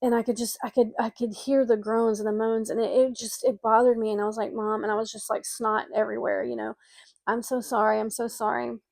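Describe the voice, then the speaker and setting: A woman's voice: a little high, level tone, fast talker, creaky, hardly any pauses, a little mellow, no room sound. A middle-aged woman telling a personal story of grief and speaking earnestly to listeners who have lost someone. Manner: earnest, emotional, speaks directly to grieving listeners. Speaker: spiritual coach and medium.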